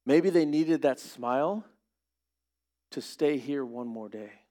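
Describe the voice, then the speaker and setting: A man's voice: medium pitch, takes it slowly, mellow. A man preaching a sermon as pastor, earnest and rising to emphatic questions.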